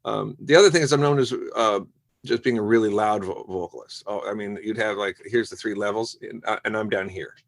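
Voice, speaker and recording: A man telling stories as a guest on a casual podcast interview, lively and acting out the voices of people he quotes. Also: lowish voice, fairly quick. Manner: animated storyteller who acts out quoted voices. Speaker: musician guest.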